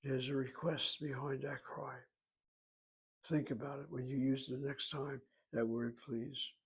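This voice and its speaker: A man teaching a language lesson, speaking slowly and deliberately and spelling words out letter by letter. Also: medium pitch, flat delivery, husky, poor audio. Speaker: Hebrew teacher. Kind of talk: lecture.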